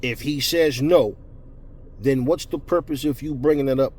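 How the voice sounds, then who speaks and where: A man telling a casual, profane story as a boxing commentator, animated and repetitive, slipping into voices for the people he quotes. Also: medium pitch, moderate pace.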